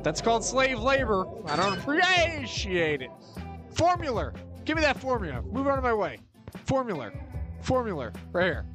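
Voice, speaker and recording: A gaming streamer talks through a horror game, swearing freely and reacting with loud disbelief. Clear game music plays behind the commentary. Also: medium pitch, sing-song, a little fast, hardly any pauses. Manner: swearing, incredulous, laughing reactions. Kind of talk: let's-play commentary.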